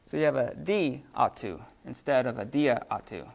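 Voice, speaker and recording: A man's voice: mid-range voice, fast talker, creaky, darkish tone. A man teaching a beginner Greek class in a classroom, explaining casually with lots of fillers and restarts. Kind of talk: unscripted classroom lecture.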